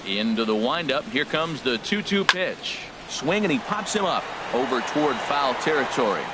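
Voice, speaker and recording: A man doing play-by-play commentary for a baseball game, with a brisk, measured call that rises on big plays. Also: mid-range voice, very animated. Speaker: play-by-play announcer. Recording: broadcast over loud crowd and stadium noise.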